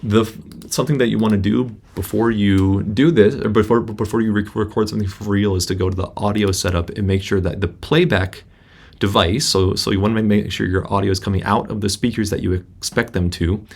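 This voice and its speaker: Male instructor, deep fry in the voice, halting tutorial delivery, laptop mic. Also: steady tone. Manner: casual, halting, many restarts. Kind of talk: screen-recorded software tutorial. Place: indoor room at a laptop. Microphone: laptop built-in microphone.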